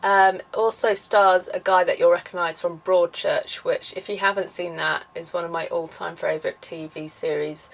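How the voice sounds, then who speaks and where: A woman's voice: on the low side, fairly even intonation, moderate pace, creaky, few pauses, rough recording. A woman talking casually to camera in a vlog, chatty and enthusiastic with lots of fillers. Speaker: vlogger.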